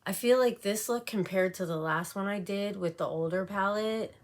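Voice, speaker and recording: A woman's voice: medium pitch, moderate pace. A woman beauty vlogger chatting casually and rambling while doing her makeup. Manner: chatty, rambling, with frequent fillers. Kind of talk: casual makeup tutorial chat.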